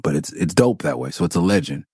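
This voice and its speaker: A man in his forties from Los Angeles, hosting a podcast and telling stories in an animated, profane way. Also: fairly low pitch, fast, gravelly, breathy edge, dry recording, studio quality. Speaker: podcast host. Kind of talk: casual storytelling.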